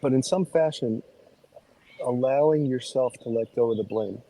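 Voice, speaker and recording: Man panelist, mellow mid voice, carefully measured remarks. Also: medium pitch, rough recording. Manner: measured, builds a point carefully.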